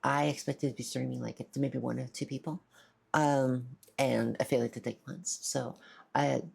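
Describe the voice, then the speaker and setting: A woman streamer in casual live-stream chat, soft-spoken, shy and stammering as she thanks her viewers. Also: extremely low pitch, fairly even intonation, moderate pace, vocal fry, breathy edge.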